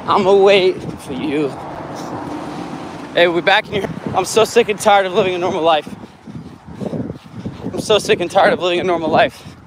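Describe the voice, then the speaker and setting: A man's voice: sits high, normal speed, long pauses, noisy background. Breathless young man running outdoors. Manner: brash, joking, trash-talking. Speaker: vlogger livestreaming a run. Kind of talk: hyped livestream chatter. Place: outdoors on a city street in heat. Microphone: handheld phone camera.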